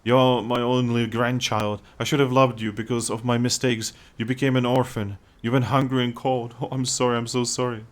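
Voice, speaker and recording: A man's voice: mid-range voice, level tone, normal speed, few pauses, voice pushed up, close to an everyday voice. A man doing a remorseful old grandmother. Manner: regretful, apologetic.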